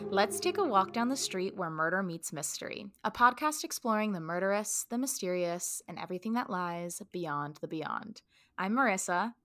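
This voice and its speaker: Bright-voiced young woman co-hosting a podcast. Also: medium pitch, animated, moderate pace. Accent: mixes Southern and New York accents. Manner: chatty, playful, switches voices and accents for fun. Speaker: podcast co-host. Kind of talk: casual podcast banter.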